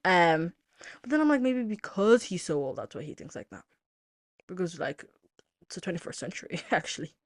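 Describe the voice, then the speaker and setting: A woman's voice: fairly low pitch, very animated, moderate pace, long pauses, no echo, studio quality. A young woman hosting a casual solo podcast, chatty and exasperated, talking straight to her listeners. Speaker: podcast host.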